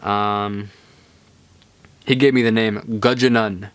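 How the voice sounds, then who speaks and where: Young male podcast host, low-voiced, rambling and laid-back, close dry mic. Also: a little slow, long pauses, a bit bright, no room sound. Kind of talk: casual storytelling monologue.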